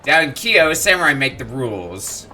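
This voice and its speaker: A man's voice: medium pitch, big pitch swings, normal speed, pushed and bright, slight background noise. A man reading as a sneering bully samurai. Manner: sneering, crude and threatening. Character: bullying middle-aged male thug samurai.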